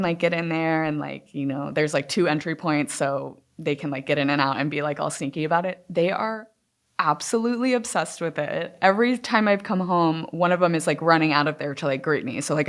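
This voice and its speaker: A woman's voice: low-pitched, a little fast. A woman co-hosting a podcast, chatting in an upbeat way with lots of filler words. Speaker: podcast co-host. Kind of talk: casual chat.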